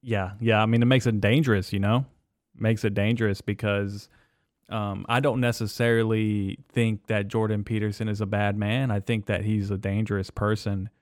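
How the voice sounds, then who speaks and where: Flat-voiced, low male podcast host. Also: dry recording, clean studio sound. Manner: measured, agreeable, hedging. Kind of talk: casual podcast interview.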